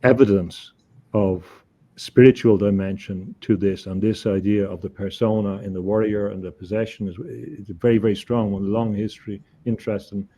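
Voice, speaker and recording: A man, a guest on an interview show, telling a story in an earnest, halting way, often repeating words as he thinks. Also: fairly low pitch, fairly even intonation, dark tone. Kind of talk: conversational storytelling.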